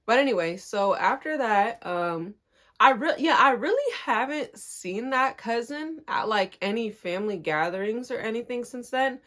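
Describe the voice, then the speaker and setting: Young woman doing a storytime vlog, kinda high voice, super animated, acts everyone out. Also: normal speed. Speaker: vlogger telling a story. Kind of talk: casual storytime.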